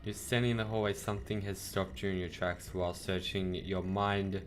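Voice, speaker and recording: A man's voice: deep voice, level tone, a little hiss or hum. A man hosting a let's-play, reading game text aloud and joking, flustered at times. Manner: reads slowly, jokes and gets flustered. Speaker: gaming video host.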